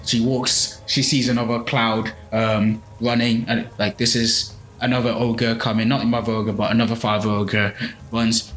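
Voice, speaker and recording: A man's voice: medium pitch, flat delivery, moderate pace, fairly bright tone. A man casually retelling a folk tale on a podcast, with loose phrasing, plenty of fillers and restarts. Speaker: podcast storyteller. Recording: echoey room with faint music.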